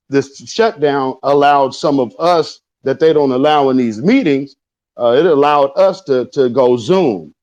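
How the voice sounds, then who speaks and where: A man's voice: mid-range voice, a little mellow. A man hosting a casual audio chat, laid-back and emphatic as he moderates speakers. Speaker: host. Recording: dull lo-fi audio.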